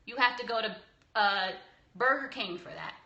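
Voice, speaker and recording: A woman's voice: a little high, moderate pace, bright, forceful tone, muffled recording. A young woman cake decorator answering viewers' questions on a casual live stream, blunt and preachy, with some laughs and mild swearing. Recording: echoey room.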